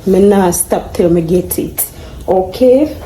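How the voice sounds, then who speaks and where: A woman's voice: mid-range voice, slow, dark tone, reverberant, a little hiss or hum, low-quality recording. A woman chatting casually while cooking, laughing at herself as she goes. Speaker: home cook vlogger. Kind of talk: casual cooking vlog chat.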